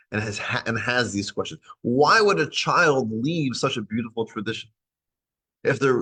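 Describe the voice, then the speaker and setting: Husky guy giving a torah class, gets real animated and loud at times. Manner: animated, swings from low musing to high excited exclamations. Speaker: rabbi teaching a parsha class.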